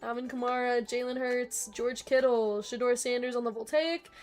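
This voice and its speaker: High-voiced woman hosting a card break. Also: fairly even intonation. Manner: rapid listing of names, chatty asides to viewers. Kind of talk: live-stream card break commentary. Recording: faint background music.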